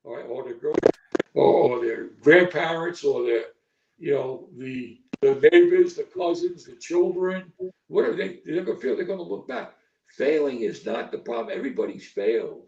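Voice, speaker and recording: A man's voice: fairly high pitch, animated, normal speed, gravelly, darkish tone. An older man, a football coach, talking bluntly in a podcast interview, profane and repetitive, checking in with "okay?" and "right?". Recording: echoey distant lo-fi stream audio.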